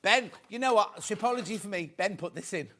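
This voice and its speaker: A British man presenting on a TV shopping channel, chatty and excitable as he counts down stock and jokes with the crew. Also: high voice, quick pace. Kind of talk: live TV shopping sales patter. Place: TV studio.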